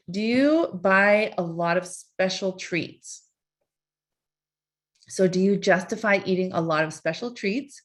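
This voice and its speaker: Coaxing woman coach asking questions. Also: medium pitch. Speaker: life coach. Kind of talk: live online coaching session.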